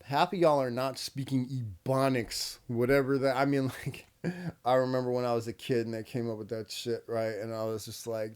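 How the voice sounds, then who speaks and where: A man's voice: mid-range voice, little pitch movement, a little fast. A man in his thirties hosting a reaction video, talking bluntly and casually, swearing often and laughing between remarks. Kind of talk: casual commentary.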